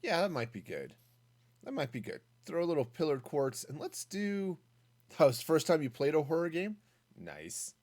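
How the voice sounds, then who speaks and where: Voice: mid-range voice, very animated, moderate pace, darkish tone. A streamer casually thinking aloud while building in a game, reading and answering chat as they go. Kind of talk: casual gaming stream commentary.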